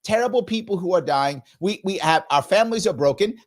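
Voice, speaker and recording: A man's voice: sits high, animated, brisk, hardly any pauses. A man hosting a live reaction show, commenting on a clip in a sarcastic, mocking way.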